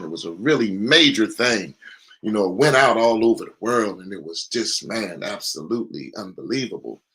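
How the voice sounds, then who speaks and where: A man's voice: lowish voice, fairly bright tone. A man being interviewed as a student minister, telling his testimony in an earnest, folksy way full of fillers.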